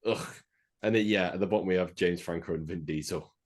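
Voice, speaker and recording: A man's voice: sits low, a little fast. A man co-hosting a casual podcast, dryly reading out and ranking lists of actors. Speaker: podcast co-host. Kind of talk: casual chat.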